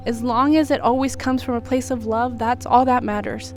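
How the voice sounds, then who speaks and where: A woman with a fairly high voice speaks straight to her viewers in a personal vlog. She rambles in a heartfelt, searching way and is at times close to tears. Soft music plays faintly underneath. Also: fairly even intonation, normal speed, hardly any pauses. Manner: heartfelt, rambling, self-reflective. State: tearful at times. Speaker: vlogger.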